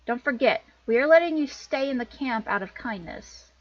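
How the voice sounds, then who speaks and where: A woman's voice: high-pitched, expressive, moderate pace, no echo. A woman voicing a stern male camp doctor and protective father, speaking in a grave, warning tone. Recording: dull lo-fi recording.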